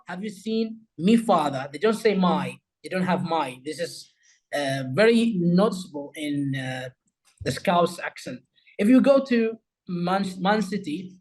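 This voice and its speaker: A man's voice: sits high, darkish tone, low-quality recording. Arabic-speaking male host explaining accents. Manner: addresses viewers as "guys", repeats phrases. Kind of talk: explanatory talk on English accents.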